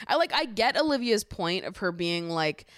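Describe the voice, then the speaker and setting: A young woman hosting a podcast, recapping a reality show in casual chat, sarcastic and animated, swearing freely and mimicking the people she talks about. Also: mid-range voice, normal speed, dry recording, clean studio sound. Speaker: podcast host.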